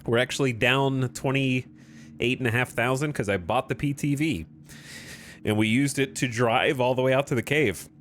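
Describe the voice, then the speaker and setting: A man giving live gameplay commentary to his chat, clearing his throat often after choking. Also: medium pitch, normal speed, a bit bright, a little hiss or hum. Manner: talks to chat while playing, with frequent throat clearing. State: choking and coughing. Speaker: streamer.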